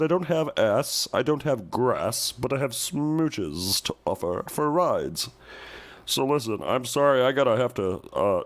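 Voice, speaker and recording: Name: -. Figure: a man putting on a crude grumpy bullfrog. Sex: male. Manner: rambling, complaining. Pitch: a bit raised. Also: natural voice. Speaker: caller. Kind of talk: comedy call-in bit.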